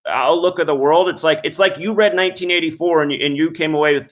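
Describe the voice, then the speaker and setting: A man's voice: fairly high pitch, fairly even intonation, brisk. A man hosting a call-in radio show, ranting angrily and swearing constantly at callers and critics. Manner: angry, scornful, swears constantly. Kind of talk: profane call-in show rant.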